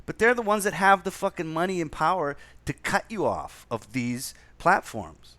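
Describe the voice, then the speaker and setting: A man's voice: a little high, big pitch swings, moderate pace, fairly bright tone, dry recording. A man hosting a casual podcast chat, agreeable and joking, swearing casually. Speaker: podcast host.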